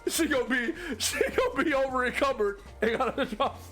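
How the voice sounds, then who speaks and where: A man's voice: extremely high pitch, fairly quick, sharp tone, soft background music. A man streaming his reactions to online posts, reading them aloud with profane, incredulous commentary and frequent laughter.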